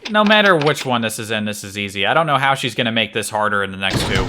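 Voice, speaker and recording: A man's voice: mid-range voice, big pitch swings, a little fast, few pauses, noisy background. A man streaming a video game, muttering to himself in wry, slightly frantic casual commentary.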